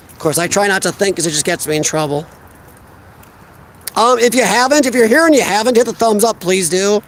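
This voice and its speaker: A man chatting casually outdoors during a phone live stream, rambling and answering viewers' comments. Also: sits high. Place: outdoors by a parked car.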